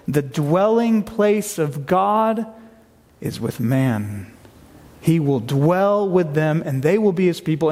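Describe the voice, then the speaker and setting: Higher-voiced male pastor preaching. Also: a little mellow, big-room sound. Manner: earnest preaching, reads scripture aloud with emphasis. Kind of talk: sermon. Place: church sanctuary.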